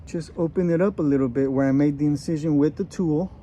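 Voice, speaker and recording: A man's voice: on the high side, quick pace, warm tone, slight background noise. A man in his thirties, joking casually with a put-on Australian accent while giving a hands-on gardening how-to outdoors. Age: 30s. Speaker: gardening vlogger.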